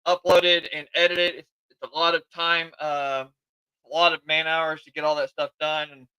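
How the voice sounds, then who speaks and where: A man's voice: fairly high pitch, flat delivery, moderate pace, sharp tone, smooth, no echo, dull audio. A man hosting a live podcast in a chatty, eager way, admitting he's tired. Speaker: podcast host. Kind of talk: casual live podcast chat.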